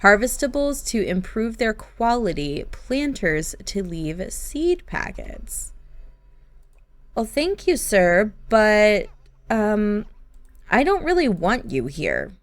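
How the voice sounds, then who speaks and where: A woman narrating life-sim gameplay as a story in a gentle, sympathetic way. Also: mid-range voice, sing-song, takes it slowly. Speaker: game storyteller.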